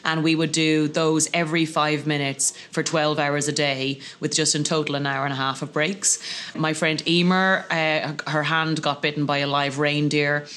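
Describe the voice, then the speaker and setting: A man telling lively, self-mocking comic anecdotes as a podcast guest. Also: on the high side, normal speed. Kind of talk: casual comic storytelling.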